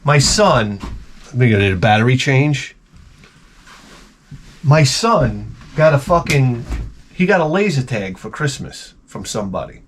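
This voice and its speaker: A middle-aged man talks his way through a crude, rambling package-opening vlog, his pitch swinging all over as he swears and jokes. He lapses into quick mock voices to tell his stories. A faint hiss sits under the recording. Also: very animated.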